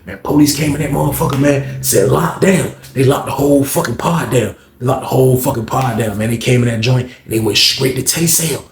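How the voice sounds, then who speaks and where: Man, storyteller, fast and profane, acts out voices, echoey room. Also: a little hiss or hum. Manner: animated, profane, acts out quoted voices with big jumps up in pitch. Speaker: storyteller vlogger. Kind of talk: casual storytelling.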